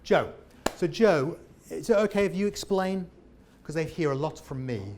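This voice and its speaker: A man, a former comedian, leading a lively interactive workshop on presenting and asking the audience questions. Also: on the high side, moderate pace, slight background noise. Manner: animated, jokey, questions the audience. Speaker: presentation trainer. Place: meeting room with an audience.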